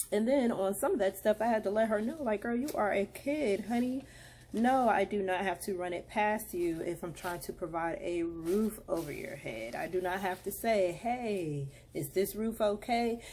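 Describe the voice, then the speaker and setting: A woman in her thirties from Atlanta chats to her camera in a slightly low voice. She is loose and confiding, and she speaks to her viewers as if they were old girlfriends. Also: a little mellow. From Atlanta, Georgia. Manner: chatty, confiding, calls viewers "girl" and "y'all". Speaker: vlogger and mom. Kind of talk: casual chat to camera.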